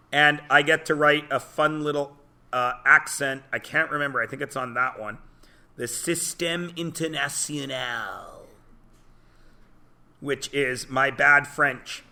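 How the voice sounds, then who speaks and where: Male classroom teacher, casual joking lecture, bright slightly high voice, quizzes students. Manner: chatty, joking, asks the class questions.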